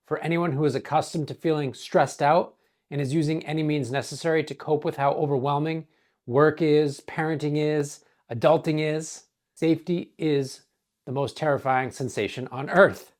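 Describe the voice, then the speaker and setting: Man, hoarse, earnest scripted narration, measured and deliberate. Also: fairly high pitch, a little mellow. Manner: measured, earnest, dramatic pauses. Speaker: wellness coach.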